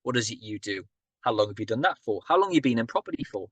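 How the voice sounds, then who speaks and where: A man giving an energetic, conversational business talk, often turning to the audience with questions. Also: medium pitch, quick pace, no echo. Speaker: property business speaker.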